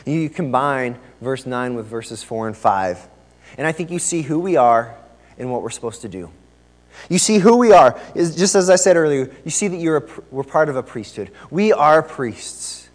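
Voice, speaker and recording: A man preaching a sermon in a church, with conversational and lively emphasis. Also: mid-range voice, moderate pace, big-room sound. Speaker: pastor. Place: church sanctuary.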